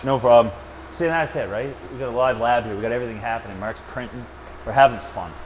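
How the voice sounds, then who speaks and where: A man in a server lab walks through a storage cluster setup in an easygoing, chatty way, cracking jokes and wandering into side comments. His voice sits at an ordinary middle pitch. A faint hum of room noise runs under the talk. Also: fast talker, poor audio. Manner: joking, chatty, rambling asides. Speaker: storage engineer presenting a build. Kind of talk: casual hands-on tech demo.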